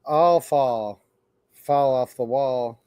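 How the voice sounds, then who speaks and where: Guy reading kids rhymes out loud, bouncy sing-song, slow and very dry. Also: medium pitch, clean tone, dry recording. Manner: sing-song, playful read-aloud voice. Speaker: host of a live stream. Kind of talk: reading a children's rhyme book aloud.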